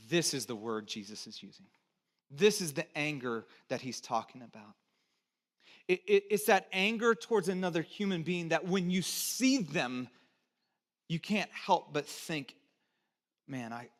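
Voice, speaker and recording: A man preaching a sermon as pastor, talking conversationally to the congregation and swinging between loud emphasis and quiet, low asides. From United States (Texas, California). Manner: conversational, invites congregation to repeat words.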